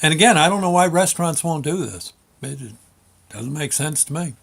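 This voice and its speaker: An older man hosting his show, telling a fond, rambling family story full of halting restarts. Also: a little high, lively intonation, vocal fry, fairly bright tone. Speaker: show host. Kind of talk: nostalgic storytelling monologue.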